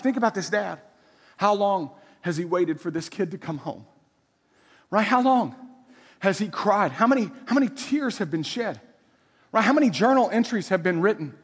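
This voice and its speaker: High-voiced animated male preacher. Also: normal speed, breathy edge. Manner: conversational, animated, rhetorical questions. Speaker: pastor. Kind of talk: sermon. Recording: echoey hall.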